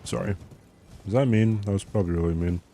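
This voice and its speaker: A man's voice: low voice, fast talker, warm tone, slight background noise. A man streaming a game live, joking and chatting casually while reading chat aloud.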